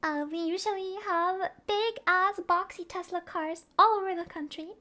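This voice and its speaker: Young woman, very high voice, giggly mock-serious comic host. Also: steady tone, moderate pace, pushed and bright. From Norway. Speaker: vtuber streamer. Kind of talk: comedic explainer.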